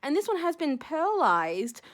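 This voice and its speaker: A woman's voice: high voice, sing-song, measured pace, fairly bright tone. A young woman unboxing seashells on her vlog, gushing and giddy, gasping with delight. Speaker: shell collector unboxing a gift.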